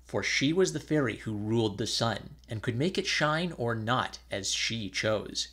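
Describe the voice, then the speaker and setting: A man reading an old fairy tale aloud in a measured storytelling manner. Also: medium pitch, animated, fairly bright tone, slightly rough.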